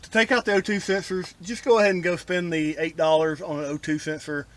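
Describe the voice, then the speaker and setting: A fairly high-pitched man talks through his own car repair out in the open. His tone is casual and blunt, with a wry, grumbling edge about other people's poor work. It sounds like a hands-on DIY vlog. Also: flat delivery, brisk, fairly bright tone. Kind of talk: casual how-to narration. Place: outdoors working on a Jeep.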